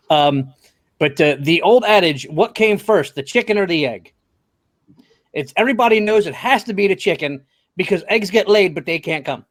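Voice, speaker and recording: A man's voice: a little high, no room sound, clean studio sound. A man telling jokes with a hesitant, rambling setup over a video call. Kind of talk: casual joke telling.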